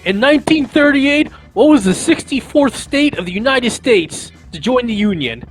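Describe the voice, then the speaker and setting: A man voicing a slick, excitable male game show host with loud, gleeful showman patter. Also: very high-pitched, moderate pace, faint music behind, pitched above the performer's own voice, low-quality recording.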